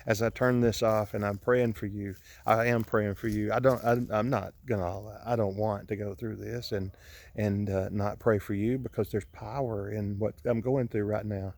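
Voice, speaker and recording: Man, low gravelly voice, grieving, preachy, halting restarts, self-filmed outdoors. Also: steady tone, a little mellow. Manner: earnest and preachy. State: grieving, emotional. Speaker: vlogger sharing a personal message. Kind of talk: emotional preachy monologue. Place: outdoors on his own property. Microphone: camera he films himself with.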